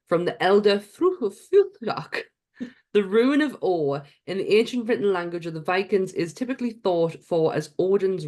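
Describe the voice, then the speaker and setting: A woman co-hosts a podcast, talking in loose, casual chat. Her voice sits a little low for a woman. She gets excitable and swears freely as she talks. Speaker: podcast co-host.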